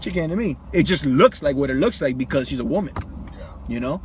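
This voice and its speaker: A young man with a slightly high voice tells a story off the cuff, circling back and repeating phrases as he goes. His talk is loose and casual, peppered with "bro" and "man.". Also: lively intonation, a little fast, slight background noise. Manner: rambling, repeats himself, says bro. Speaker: vlogger.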